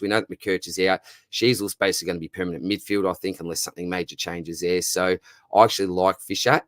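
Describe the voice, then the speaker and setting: A man's voice: deep voice, no room sound, studio quality. A man with an Australian accent hosting a live Q&A, chatting casually and calling everyone mate. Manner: matey, says "mate" constantly, reads out viewer questions. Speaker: livestream host answering fantasy football questions.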